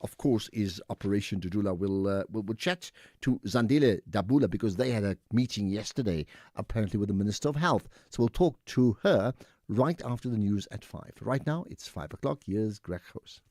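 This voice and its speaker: A man's voice: on the low side, lively intonation, brisk, a little mellow, no echo, studio quality. A man hosting a call-in radio show, talking casually and pushing back on callers. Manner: conversational, rebuts callers directly. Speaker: radio talk show host. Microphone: studio microphone.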